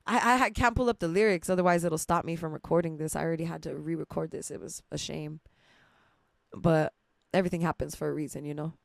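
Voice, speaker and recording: Low-voiced young woman, chatty podcast host. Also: fast talker, vocal fry, no echo, studio quality. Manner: chatty and emotional, laughs often, swears casually. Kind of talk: casual rambling storytelling monologue.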